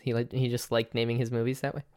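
A woman's voice: very deep voice, little pitch movement, quick pace, a little mellow. A woman co-hosting a casual movie podcast, laid-back, reading out film facts and asking questions. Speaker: podcast co-host. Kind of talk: casual movie-review chat.

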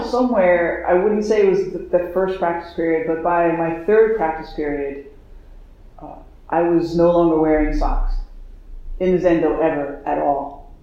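A man's voice: a little high, warm tone, slight background noise. A man telling a personal story in a dharma talk, chatty and self-mocking, with lots of fillers. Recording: echoey dull hall recording.

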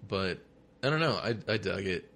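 A man's voice: low-pitched, animated, moderate pace, creaky, a bit bright, slight background noise. A man co-hosting a comics podcast in loose, profane casual chat, often acting out quoted voices. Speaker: podcast co-host.

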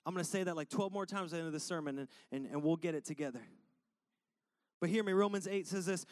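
A man preaching a conversational, energetic sermon as pastor and stressing points by repetition. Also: fairly high pitch, quick pace, dry recording.

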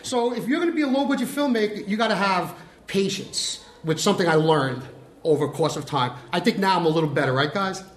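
An older man with a notably high voice tells lively stories as a guest filmmaker, acting out the lines of the people in them. The sound has a roomy echo. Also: fast. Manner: animated, acts out quotes. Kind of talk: casual storytelling chat. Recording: roomy echoey room.

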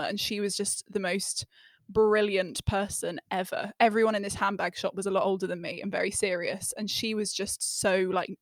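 A woman's voice: medium pitch, no echo, studio quality. A woman co-hosting a podcast, telling stories in a chatty, giggly way. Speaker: podcast co-host. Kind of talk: casual chat.

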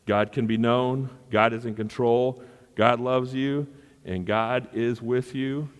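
A man's voice: medium pitch, fairly even intonation, takes it slowly, clear, resonant tone. A male pastor preaching a sermon in an earnest manner and repeating phrases for emphasis. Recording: long hall reverb.

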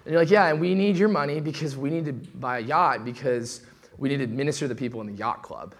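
A man's voice: medium pitch, quick pace. Man preaching in a casual, chatty way. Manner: casual conversational preaching, lively with asides. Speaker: pastor. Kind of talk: sermon.

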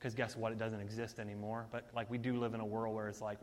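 A man preaching a sermon in an energetic, conversational way, talking straight to his listeners. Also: fairly low pitch, quick pace, long reverb tail, slight background noise.

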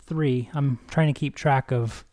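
Reflective man with a mellow voice. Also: mid-range voice, fairly even intonation, measured pace. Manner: reflective, self-critical. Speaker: Bible study co-host. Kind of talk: casual discussion.

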